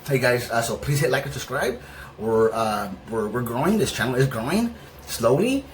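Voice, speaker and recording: A man talks to his viewers in a loose, rambling vlog, stumbling over fillers and restarting his sentences. His voice is still on the mend. His pitch swings widely, leaping up and dropping down as he goes. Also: expressive, normal speed, slight background noise, rough recording. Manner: affectionate toward viewers. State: voice still recovering. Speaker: channel host. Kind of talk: casual vlog talk to viewers.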